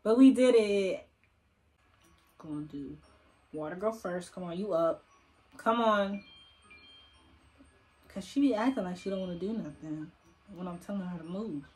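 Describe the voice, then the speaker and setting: A woman's voice: lowish voice, measured pace, pauses often, dark tone. Chatty young woman coaxing game characters. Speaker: gaming YouTuber. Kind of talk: casual let's-play commentary. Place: at home by her computer. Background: faint game music.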